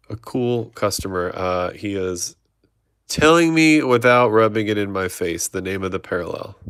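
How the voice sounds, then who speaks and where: Low-voiced man calling out cards. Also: a bit bright, no echo. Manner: rattles off player names, chats with viewers. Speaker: card breaker host. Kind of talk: live card-opening stream chat.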